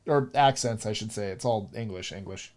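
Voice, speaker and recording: Animated man chatting casually. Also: on the low side, moderate pace. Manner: animated, talks with lots of fillers and restarts. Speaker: role-playing game player. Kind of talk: casual chat.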